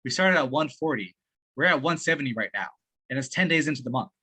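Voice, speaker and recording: A man on a video call giving sales-practice feedback in casual chat, excitable and profane, laughing as he talks. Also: medium pitch, quick pace, husky. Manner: excitable, swears often, laughs while talking.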